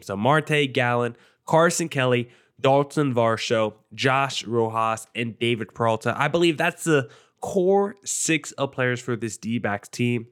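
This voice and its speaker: A man's voice: medium pitch, a bit bright. Opinionated man talking baseball. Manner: opinionated, conversational. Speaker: sports show host. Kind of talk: casual baseball analysis monologue.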